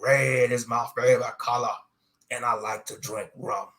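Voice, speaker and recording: A man's voice: mid-range voice, level tone, moderate pace, fairly bright tone, close to an everyday voice. A man voicing a boastful, murderous male pirate captain who taunts in sea-dog slang and chuckles as he talks.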